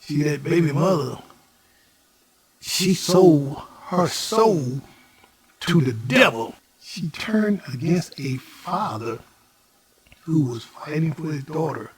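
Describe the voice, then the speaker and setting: A middle-aged man from Houston, Texas, telling his own story as host in a slow preaching cadence that keeps addressing the listeners as "y'all". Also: a little high, expressive. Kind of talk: personal storytelling monologue.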